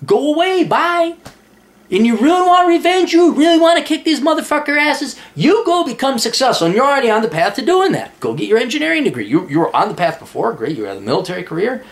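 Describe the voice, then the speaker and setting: Casting: male advice host, blunt and foul-mouthed, animated pitch that swings a lot. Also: fast. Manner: reads listener's letter aloud. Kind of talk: casual advice monologue.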